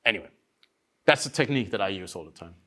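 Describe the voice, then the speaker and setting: A man from Denmark gives a workshop talk in a loose, storytelling way. He acts out other people's voices with big swings in pitch and swears casually. He sounds a little tired, having slept little. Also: lively intonation, fast talker, pushed and bright. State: tired from lack of sleep. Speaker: workshop speaker.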